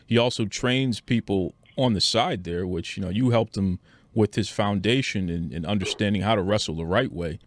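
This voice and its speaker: A man with a low voice hosts a podcast, eagerly prompting his guest for stories. The sound is close and dry, with no room around it. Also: normal speed, no room sound. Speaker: podcast host. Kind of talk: podcast interview.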